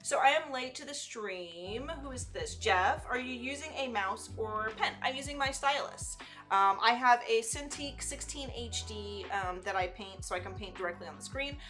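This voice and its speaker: A woman's voice: on the high side, animated, moderate pace, bright, forceful tone, soft background music. A woman hosting a casual live digital-painting demo, chatty and self-teasing, with frequent fillers and asides. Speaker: digital artist and livestream host.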